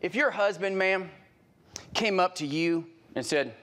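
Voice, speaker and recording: A middle-aged man talks a little slowly in a high-pitched voice during a live sales training. He stays punchy and animated, repeating phrases and asking rhetorical questions, then suddenly getting loud as he acts out scenes.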